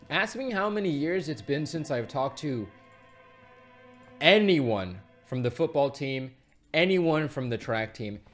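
A man giving casual, animated gameplay commentary as a streamer, rambling and swearing freely. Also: mid-range voice. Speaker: gaming streamer.

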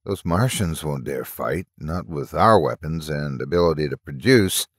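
A cocky young man brushes off danger in a dismissive tone, voiced by a male narrator. The voice sits low and the recording is dry. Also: expressive, normal speed, no room sound.

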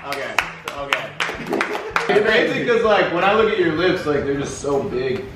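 A young man casually shouting out guesses during a party word game with friends. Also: a little high, big pitch swings, normal speed, heavy background noise. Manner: loud, guessing phrases out loud. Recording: echoey room, far from mic, chatter behind.

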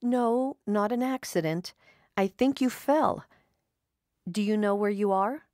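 A woman voicing a calm, kind psychologist who speaks gently and reassuringly. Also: medium pitch, slow, no echo, natural voice. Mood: gentle.

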